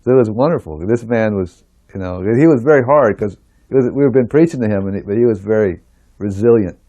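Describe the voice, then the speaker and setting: A man recounts old memories of his spiritual teacher in a relaxed storytelling way. His voice sits low and sounds dark and mellow. Now and then he acts out the people in his stories with lively voices. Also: fairly quick, lo-fi sound. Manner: animated, acts out quoted voices, laughs while telling. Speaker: disciple sharing memories. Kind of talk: storytelling reminiscence.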